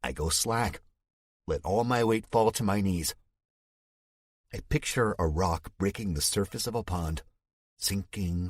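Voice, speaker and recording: Deep husky male audiobook narrator. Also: no room sound, studio quality. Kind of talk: first-person thriller narration.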